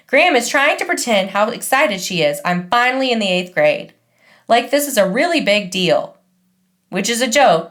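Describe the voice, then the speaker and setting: A woman narrates an audiobook in the first person, wry and conversational. Her voice is mid-pitched for a woman, with a lively, animated rise and fall. It stays easy and talky throughout.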